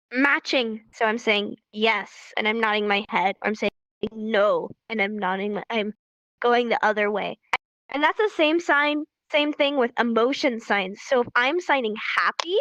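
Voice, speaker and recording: A high, bright-voiced young woman leads a casual live-streamed sign language lesson. She is animated, repeats key points for emphasis and laughs easily. The audio is dry and a little dull, as on a lo-fi stream. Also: no room sound.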